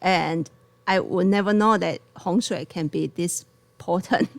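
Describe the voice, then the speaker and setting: Gravelly-voiced woman chatting about tea. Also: fairly low pitch, unhurried, no room sound. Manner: laughs often, loose non-native grammar. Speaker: tea shop co-host. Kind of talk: casual live-stream chat.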